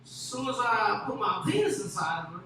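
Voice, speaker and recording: A man's voice: high voice, sing-song, a little fast, pushed and bright. A young man telling a long, crude, rambling story as a stand-up comedian. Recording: echoey room with faint noise.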